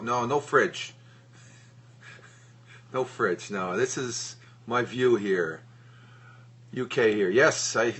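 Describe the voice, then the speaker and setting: A man's voice: mid-range voice, a bit bright, slightly rough. A middle-aged man from the northeastern US chatting casually on a live stream from his home computer desk, rambling with lots of fillers and restarts. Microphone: tablet microphone.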